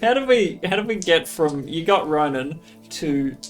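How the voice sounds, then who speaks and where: A man's voice: on the high side, expressive, moderate pace, soft background music, low-quality recording. A man chatting with friends who steers the talk back to the game, mostly with short reactive remarks. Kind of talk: casual group chat.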